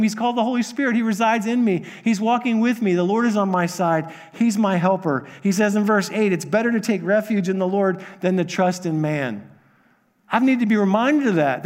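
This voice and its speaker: A man preaching a sermon as pastor, earnest and repetitive, with frequent restarts and swings between hushed quiet passages and emphatic raised ones. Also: sits high.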